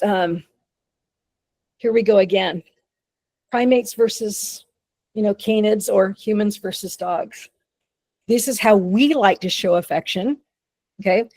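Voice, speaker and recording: A woman's voice: medium pitch, a little mellow, dry recording. Texan woman, dog trainer presenting online, chatty and unpolished, dry close-mic sound. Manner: conversational, many restarts and acted-out dog thoughts. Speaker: dog behavior consultant. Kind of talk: webinar presentation.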